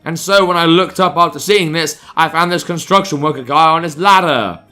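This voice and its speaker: A man's voice: on the high side, brisk, bright, forceful tone, faint music behind. A man reading the lines of a young man who urgently pleads with a stranger for help.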